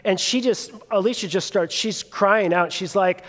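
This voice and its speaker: High-voiced pastor preaching in a reverberant hall. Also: male voice, normal speed, few pauses, fairly bright tone. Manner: conversational storytelling with fillers. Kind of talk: sermon. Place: church sanctuary.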